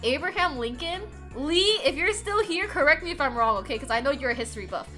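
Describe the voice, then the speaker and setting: A woman's voice: high voice, animated, a little fast, sharp tone. A young woman streaming, chatting casually, rambling, laughing often and swearing. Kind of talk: casual chat. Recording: faint music behind.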